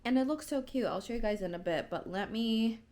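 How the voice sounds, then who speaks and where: A woman's voice: on the high side, brisk, darkish tone. A woman in her late twenties, chatting casually in a home vlog, rambling and often correcting herself mid-sentence. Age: 20s. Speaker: vlogger.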